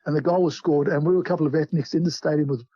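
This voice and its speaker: A quick, slightly high-pitched man in his forties rambles through stories with lots of restarts and fillers. His voice is husky, and the sound is dull and lo-fi, like a remote call. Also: fairly even intonation, dark tone, no room sound. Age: 40s. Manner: rambling, storytelling with many restarts. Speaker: guest. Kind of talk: casual podcast chat.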